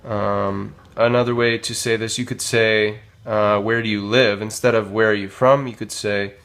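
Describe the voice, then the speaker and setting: A man with a fairly low voice gives a relaxed language lesson. He talks informally, pausing with lots of ums, and slows right down to model each phrase. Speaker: Spanish teacher. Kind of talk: casual spoken lesson.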